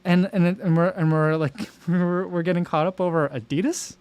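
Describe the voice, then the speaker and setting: Rambling American man, slightly high voice. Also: moderate pace, clean tone, no echo. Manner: rambling, animated, lots of fillers and restarts. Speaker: livestream host. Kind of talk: casual livestream chat.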